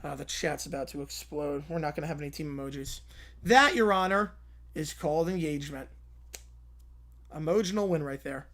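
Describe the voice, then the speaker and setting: A man's voice: on the high side, a little fast, fairly bright tone. A man hosting a livestream in a loose, chatty way. He reads and reacts with easy amusement, talking to his viewers. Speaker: livestream host. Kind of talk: casual livestream commentary.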